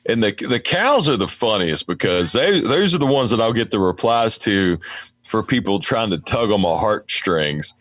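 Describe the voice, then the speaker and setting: West Virginian guy, lower voice, dry close sound, swears a lot, tells work stories. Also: big pitch swings, moderate pace, fairly bright tone, no room sound. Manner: profane, storytelling, acts out his own talk to dogs. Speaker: podcast guest, mail carrier. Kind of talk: casual chat.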